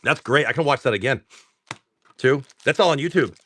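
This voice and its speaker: Excitable man opening card packs on stream. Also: mid-range voice, fairly quick. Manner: excitable, swears often, exclaims over pulls. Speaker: livestream card seller. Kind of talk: casual livestream pack-opening chat.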